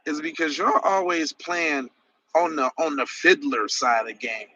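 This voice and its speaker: A man's voice: on the high side, expressive, unhurried, bright, forceful tone, highs cut off, slight background noise. A man hosting a podcast livestream, answering chat messages with sarcastic, mocking rants. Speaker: podcast host reading live chat. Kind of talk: heated livestream commentary.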